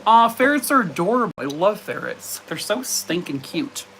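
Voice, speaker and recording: A man's voice: sits high, very animated, normal speed, bright, forceful tone, a little hiss or hum. A man on a casual live stream, rambling with lots of fillers and breaking off to talk to his dogs at home. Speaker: live streamer chatting with viewers.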